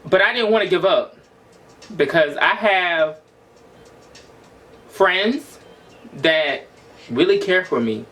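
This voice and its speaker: A man's voice: on the high side, lively intonation, takes it slowly, long pauses, fairly bright tone, a little hiss or hum. A man in his twenties venting in a raw, emotional, profane personal monologue for his vlog. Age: 20s. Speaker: vlogger.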